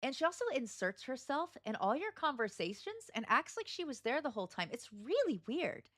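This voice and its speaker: A woman's voice: sits high, sing-song, brisk, no echo. A woman chatting casually with her livestream viewers while she plays, greeting them by name. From United States. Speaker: streamer. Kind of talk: casual gaming livestream chat.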